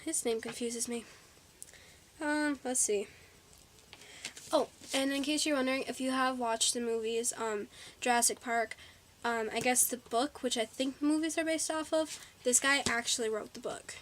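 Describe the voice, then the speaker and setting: Rambling woman with a fairly high voice. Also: fairly even intonation, moderate pace, fairly bright tone, a little hiss or hum. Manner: rambling, full of ums and likes, corrects herself. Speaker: vlogger. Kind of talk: casual haul video chat.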